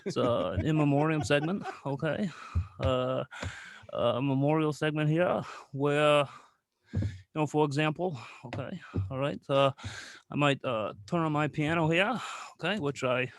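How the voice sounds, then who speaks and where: Comic bit: man voicing a winded, raspy-edged, high-ish rambling late-night host who can't stop saying "okay.". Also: a little slow, dry recording. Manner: fills every phrase with "okay" and "here"; belts off-key song snippets. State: out of breath. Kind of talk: comedic character bit.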